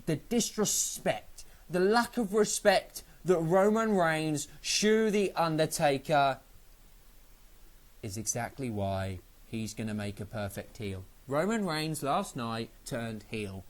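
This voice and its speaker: An excitable man rambles through a wrestling show review in a fairly high voice, cursing casually as he talks. His delivery is loose and unscripted, tumbling from one thought to the next. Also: takes it slowly. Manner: excitable, rambling, swears freely.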